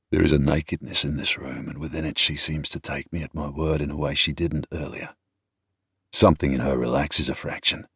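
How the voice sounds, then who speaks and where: A man narrating a novel in the first person, quiet and restrained. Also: very deep voice, fairly even intonation, a little fast, slightly rough, no room sound, studio quality.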